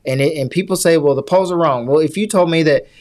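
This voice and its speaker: A man's voice: a little high, quick pace, a little mellow. A man co-hosting a podcast, explaining politics at length in an earnest, lecturing way during casual chat. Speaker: podcast co-host.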